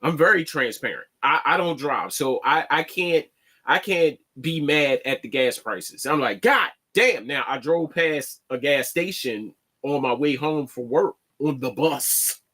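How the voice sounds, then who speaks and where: A man hosting an online show, talking in a casual, halting monologue and restarting his words often. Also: medium pitch, pushed and bright. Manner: plainspoken, slangy.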